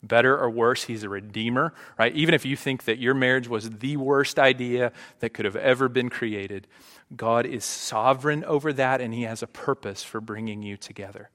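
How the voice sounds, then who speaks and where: A man's voice: mid-range voice, moderate pace, fairly bright tone. A man preaching a sermon to a congregation, conversational and often checking in with "right?". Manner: conversational, frequent "right?" asides. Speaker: pastor. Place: church sanctuary. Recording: long hall reverb.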